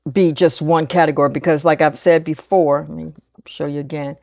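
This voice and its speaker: A woman in her sixties with a deep, low-pitched speaking voice talks casually through her budget, counting bills softly as she goes. The sound is close and dry, with no room around it. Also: steady tone, fairly quick, creaky, dry recording. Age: 60s. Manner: chatty, thinks aloud, counts bills under her breath. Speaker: budgeting vlogger. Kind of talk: casual chat while cash stuffing.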